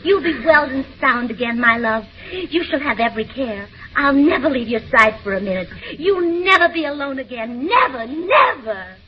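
A woman's voice: sits high, sing-song, normal speed, hardly any pauses, a little hiss or hum. A woman in a 1940s radio comedy, playing a gushing, overwrought young wife welcoming her soldier home. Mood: sobbing. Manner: overwrought, gushing, sobbing, then laughing. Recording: dull old radio recording.

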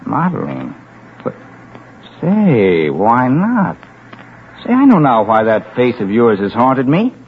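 A man's voice: mid-range voice, huge pitch swings, slow, pauses often. A man playing a troubled painter husband in a radio drama, earnest and stagey. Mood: eager. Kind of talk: 1940s radio acting. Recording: dull old radio broadcast with faint hiss.

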